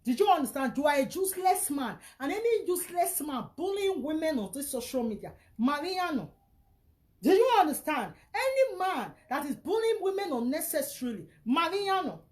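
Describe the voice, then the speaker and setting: Nigerian woman, high voice, angry scolding rant. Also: big pitch swings, normal speed, a little mellow. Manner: scolding, insulting, repeats herself. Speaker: vlogger. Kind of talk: angry social media rant.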